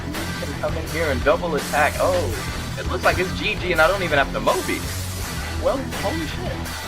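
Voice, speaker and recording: A young man casually commentating his own strategy game match, swearing often and getting excited as he talks to viewers. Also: on the high side, moderate pace, loud music behind the voice, rough recording.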